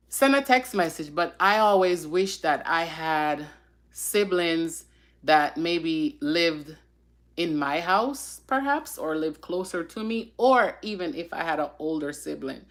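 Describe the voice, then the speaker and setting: Slow-talking, heartfelt woman host. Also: low voice, lively intonation. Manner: heartfelt, emotional and reflective; pauses often with sighs and fillers. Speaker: live-stream host. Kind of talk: casual live-stream talk.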